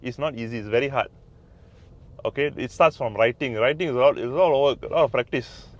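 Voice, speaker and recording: A man's voice: mid-range voice, fairly quick, muffled recording. A man with a Malaysian English accent, a Mandarin teacher giving casual tips, emphatic and repetitive. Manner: emphatic, repeats phrases, mixes in Malay words. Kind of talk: casual language tips to camera.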